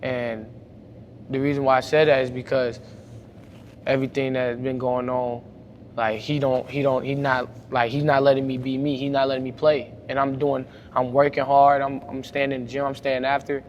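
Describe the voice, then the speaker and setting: Young man with a drawl, animated. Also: medium pitch, moderate pace, lo-fi sound. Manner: animated, gets louder retelling arguments. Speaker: high school basketball player. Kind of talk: casual storytelling to camera. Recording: faint background noise.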